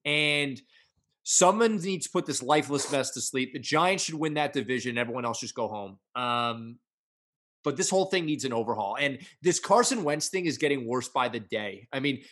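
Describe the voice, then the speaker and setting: Guy on a sports podcast, mid pitch, blunt and opinionated, just chatting picks. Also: animated, moderate pace, fairly bright tone. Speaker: podcast co-host. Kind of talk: casual sports talk.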